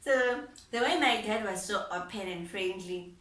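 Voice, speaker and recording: A young woman vlogging about her life, animated and laughing as she acts out both sides of past conversations. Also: medium pitch, normal speed, distant mic. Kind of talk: personal storytelling. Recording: roomy echo, voice set back from the mic.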